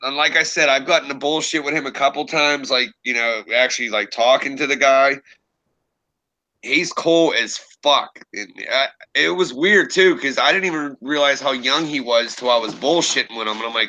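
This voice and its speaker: The young man speaks at normal speed in a medium-pitched voice with a bright, forceful tone, recorded at low quality. He's a streamer and creepypasta narrator chatting casually on a livestream from his home room, rambling, profane, and frequently laughing at himself.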